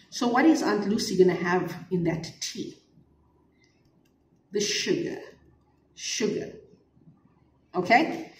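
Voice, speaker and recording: A woman teaching an English lesson, slowly explaining a test dialogue and acting out its lines. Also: on the low side, dark tone, a little hiss or hum. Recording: echoey room, from a distance.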